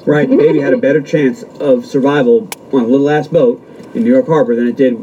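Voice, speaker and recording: A podcast co-host making quick jokes and pop-culture asides in a casual movie chat, swearing freely. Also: medium pitch, steady tone, dark tone, muffled recording, a little hiss or hum.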